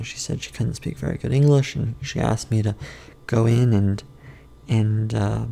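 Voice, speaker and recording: A man casually rambling through a food review and a story from his day, unhurried and often correcting himself. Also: medium pitch, gravelly, mellow. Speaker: vlogger.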